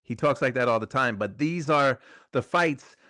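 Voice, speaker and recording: Middle-aged male host, casual live-stream chat, rambling and repetitive, mid-pitched, dry close mic. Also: normal speed, bright, forceful tone, dry recording. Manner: rambling, conversational, repeats phrases. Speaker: show host.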